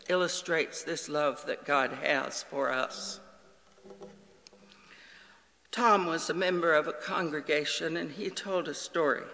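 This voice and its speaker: A man preaching a sermon in a slow, earnest way, acting out the dialogue of the story he tells. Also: fairly high pitch, vocal fry, pushed and bright, long reverb tail, rough recording. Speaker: pastor.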